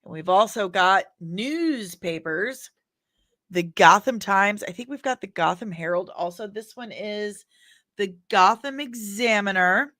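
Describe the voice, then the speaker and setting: A woman hosts a casual pop culture news show and talks at an unhurried, slow pace. She is chatty and drifts into personal asides as she reads viewer comments aloud. The recording is dry and close, with no room sound. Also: mid-range voice, lively intonation, sharp tone, no room sound. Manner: chatty, rambling asides with laughs.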